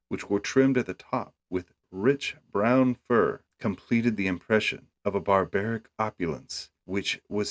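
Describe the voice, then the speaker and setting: A man narrating a classic tale in a deep, low voice. His delivery is measured and steady, suited to an amateur audiobook. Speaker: reader.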